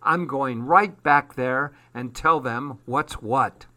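Storybook figure: a man voicing a gruff old hobo, growls his lines, bright tone, slow. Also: medium pitch. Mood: defiant.

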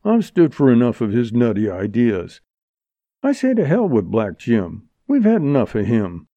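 A man voicing a quarrelsome bearded outlaw, blustering in a rough drawl. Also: medium pitch, huge pitch swings, normal speed, dark tone, dry recording. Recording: dull lo-fi audiobook recording.

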